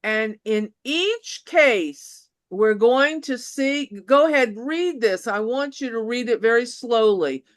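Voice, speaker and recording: A woman Bible teacher explaining a scripture chapter in a deliberate, emphatic way, stressing the points that matter. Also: on the high side, no room sound, studio quality.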